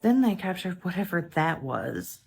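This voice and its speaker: A low, gravelly-voiced woman narrates a paranormal clip in a casual, matter-of-fact tone. Faint noise hums beneath her voice. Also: big pitch swings, moderate pace, darkish tone.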